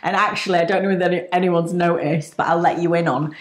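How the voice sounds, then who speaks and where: A woman's voice: fairly low pitch, fairly even intonation, quick pace, reverberant. A woman co-hosting a casual chat, cutting in with dry, teasing remarks. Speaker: co-host.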